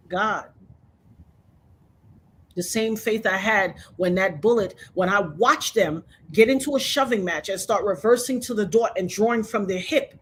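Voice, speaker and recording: A woman's voice: medium pitch, a little slow, slight background noise. A woman in her fifties, telling her story with fervent, preacher-like conviction as an interview guest. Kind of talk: emotional testimony in conversation.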